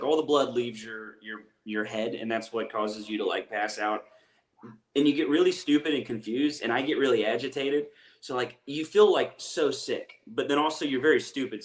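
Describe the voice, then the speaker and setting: A young man with an Appalachian accent, a comedian telling a rambling, self-deprecating story in casual chat. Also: mid-range voice. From East Tennessee. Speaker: comedian guest. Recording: echoey room.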